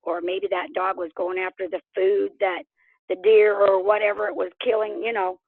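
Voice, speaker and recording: A woman from Oklahoma telling her story as an interview guest in casual storytelling, animated and laughing, acting out what others said. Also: medium pitch, moderate pace, vocal fry, no echo. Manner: animated, laughs often, acts out quotes. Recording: tinny phone line.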